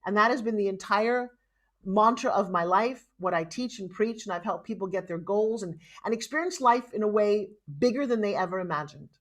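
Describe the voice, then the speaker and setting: Brisk and medium-pitched, a middle-aged New York woman with a New York accent narrates her life story for an interview. Her delivery as a guest is dramatic and animated.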